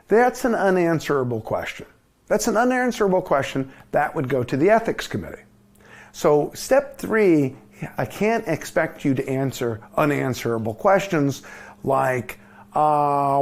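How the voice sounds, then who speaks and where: A man giving a board review lecture, animated, acting out little dialogues in shifting voices. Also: fairly high pitch, unhurried. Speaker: medical lecturer.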